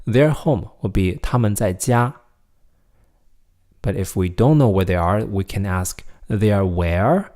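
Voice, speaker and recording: A man teaching a recorded beginner language lesson, explaining patiently and slowing down to model each word. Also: fairly low pitch, dark tone. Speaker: Mandarin teacher.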